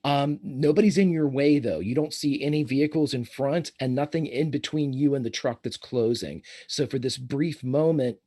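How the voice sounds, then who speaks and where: A man running a tabletop game as game master, describing scenes in steady narration. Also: medium pitch, normal speed, few pauses.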